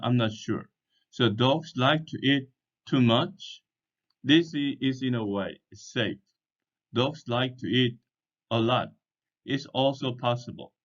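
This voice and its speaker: Male teacher; very slow and deliberate, spells words out, dull lo-fi sound. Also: medium pitch, fairly bright tone. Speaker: English teacher. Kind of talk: slow explanatory language lesson. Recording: dull lo-fi recording.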